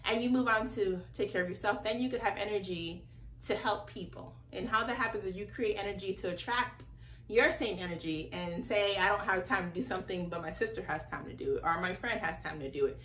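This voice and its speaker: A woman's voice: medium pitch, a little fast, fairly bright tone. Woman, vlogger, rambling casual talk, roomy echo, faint hiss. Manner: rambling, chatty, self-correcting. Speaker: spiritual vlogger. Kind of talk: casual monologue to camera.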